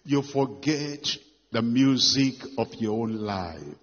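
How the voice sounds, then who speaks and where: A man preaching a sermon, stressing and repeating phrases, moving between loud lines and hushed ones. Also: mid-range voice, slow, breathy edge. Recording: muffled long hall reverb.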